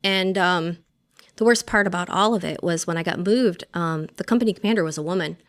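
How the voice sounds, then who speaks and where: A woman Army veteran speaks as a podcast guest, telling her own story in a candid, conversational way. Her voice is smooth and resonant and sits a little low. She talks loosely, with many fillers and the occasional curse. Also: a little fast. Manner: frank and talkative, with frequent fillers and casual swearing.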